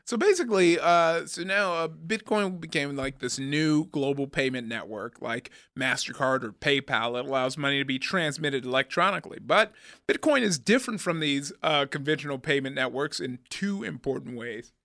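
A man's voice: a little high, animated, moderate pace, hardly any pauses, bright, forceful tone, dry recording, clean studio sound. A man co-hosting a podcast in casual chat, rambling and joking, with frequent restarts. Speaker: podcast co-host.

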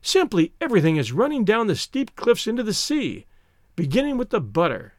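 A man reading a story aloud, voicing a lively young society woman who teases with a bright, airy manner. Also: high-pitched, brisk, dry recording, clean studio sound, voice pushed up. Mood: teasing. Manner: bright, airy, playfully teasing.

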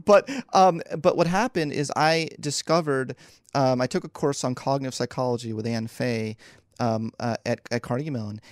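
Brief: man, podcast guest, lively storyteller, laughs a lot, dry close sound. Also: mid-range voice, normal speed, dry recording. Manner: animated, laughs often, acts out quotes. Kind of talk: casual interview storytelling.

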